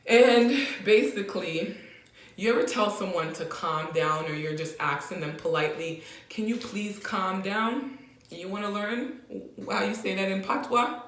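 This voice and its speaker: A woman's voice: lowish voice, animated, unhurried. Echoey Jamaican woman teaching. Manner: playful, laughs often, repeats phrases. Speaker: language teacher vlogger. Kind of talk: casual vlog lesson. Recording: very echoey room.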